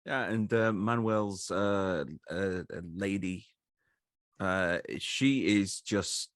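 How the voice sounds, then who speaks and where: A man with a somewhat low voice riffing on a cheap action movie for a podcast. He pauses on fillers and puts on quick voices for quoted lines. The sound is dry and close. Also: steady tone, no room sound. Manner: hesitant fillers, jokey, acts out quotes. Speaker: podcast co-host. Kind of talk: casual comedic movie chat.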